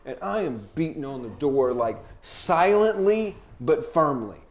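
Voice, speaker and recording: A man who is a touring comedian telling a wild story as a podcast guest, animated and profane, dropping to low asides and rising to loud outbursts. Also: a little slow.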